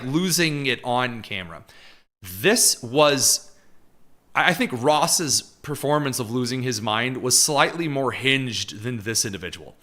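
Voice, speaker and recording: A man's voice: medium pitch, lively intonation, slow, bright, forceful tone. A man hosting live political commentary, talking in a sarcastic, mocking way.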